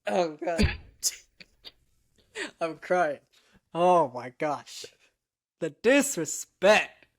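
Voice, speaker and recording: A woman co-hosting a podcast in casual chat, excitable and laughing as she recaps a show. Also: on the low side, drawn-out words. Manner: excitable, laughing, lots of "bro". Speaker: podcast co-host.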